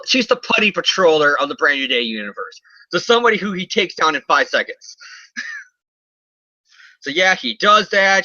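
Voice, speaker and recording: A man's voice: fairly high pitch, sharp tone, no room sound. A man co-hosting a comic book podcast, rambling casually and joking as he recaps an issue. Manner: rambling, jokey, does quick character voices. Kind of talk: casual comic review chat. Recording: dull, dry lo-fi audio.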